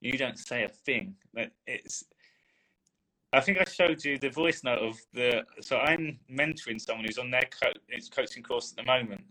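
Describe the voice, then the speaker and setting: A man who coaches and mentors others, telling stories in a lively, casual conversation. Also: mid-range voice, normal speed, poor audio. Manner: animated storyteller.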